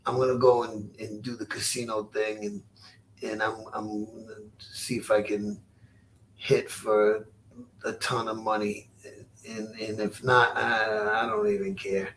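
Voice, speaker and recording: A man in his sixties, a former boxer, telling stories as an interview guest in a halting, rueful way, often repeating his words. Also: lowish voice, level tone, a bit bright, recorded from a distance, a little hiss or hum. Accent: Rhode Island. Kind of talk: storytelling interview.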